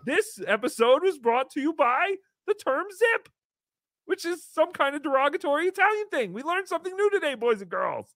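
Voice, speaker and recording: A man's voice: very high voice, sing-song, normal speed, fairly bright tone, no echo, studio quality. A man hosting a comedy podcast, rambling in a goofy, joking way. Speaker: podcast host.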